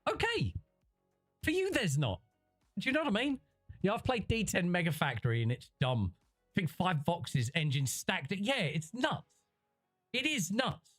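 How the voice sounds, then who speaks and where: A man's voice: sits high, a bit bright. A man rambling through livestream commentary, reading chat and restarting his sentences often. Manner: rambling, conversational, frequent restarts.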